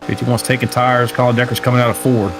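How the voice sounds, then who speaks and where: Fast and flat in a mid-range voice, a man commentates a simulated stock car race live, conversational and full of joking asides. He reads out viewer chat while race car engine noise plays in the background.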